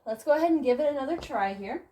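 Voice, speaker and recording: A woman teaching tap dance, calling out steps and counts in a brisk, encouraging way in her studio. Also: sits high, lively intonation, recorded from a distance, slight background noise. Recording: echoey studio with loud tap clicks.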